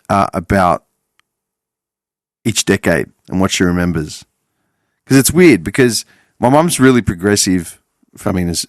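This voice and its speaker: A man in his forties rambles through a casual podcast monologue, swearing freely and correcting himself as he goes. His voice sits fairly low. It is recorded close and dry, with little room sound. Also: dry recording. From Australia. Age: 40s. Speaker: podcast host.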